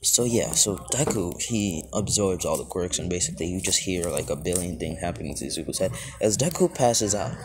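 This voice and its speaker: Man, low-voiced rambling storyteller; outdoor phone take with clear noise. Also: expressive, a little fast, few pauses. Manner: rambling, heavy on filler words. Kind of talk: improvised fan-story narration. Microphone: phone held close to mouth.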